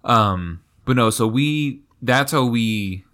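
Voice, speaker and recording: A man's voice: medium pitch, takes it slowly, fairly bright tone. A young man co-hosting a podcast who tells stories in a rambling, laid-back way in casual chat. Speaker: podcast co-host.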